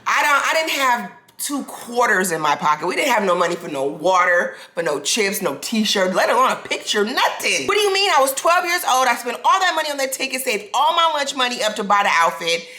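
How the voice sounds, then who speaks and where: A woman in her forties telling a personal story to her own camera, animated and restarting sentences. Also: fairly high pitch, brisk, few pauses, roomy sound. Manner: animated, restarts sentences, acts out quoted people. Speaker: vlogger. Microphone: self-filmed camera.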